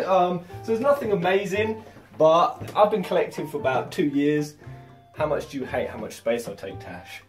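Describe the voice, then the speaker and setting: A young man, chatting excitedly and swearing freely as he shows off his collection at home. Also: on the high side, normal speed, faint music behind. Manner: swears freely, stumbles over words when excited. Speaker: vlogger showing his figure collection. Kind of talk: excited casual vlog. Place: home room with shelves.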